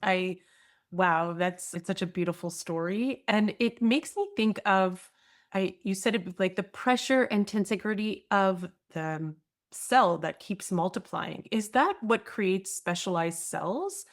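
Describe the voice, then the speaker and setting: A woman podcast host chats casually in an interview, speaking at mid-range pitch and a measured pace. She asks curious follow-up questions.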